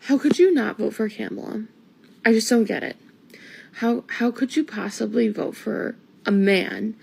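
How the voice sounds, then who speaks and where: A woman's voice: medium pitch, normal speed, gravelly, darkish tone, breathy edge, rough recording. A woman in a personal video asking the same disbelieving questions over and over, exasperated and pleading. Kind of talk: exasperated selfie-video monologue.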